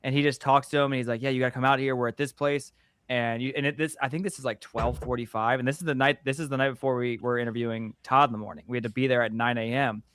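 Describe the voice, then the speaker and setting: A comic creator telling stories in a lively, swearing manner, playing out everyone's lines. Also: male voice, medium pitch, fast, clear, resonant tone. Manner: lively, profane, acts out quotes. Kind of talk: casual storytelling chat.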